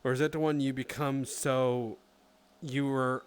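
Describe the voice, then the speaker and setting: A man's voice: mid-range voice, flat delivery, measured pace, clean tone. A man in his thirties chatting casually on a live stream, swearing freely and answering chat.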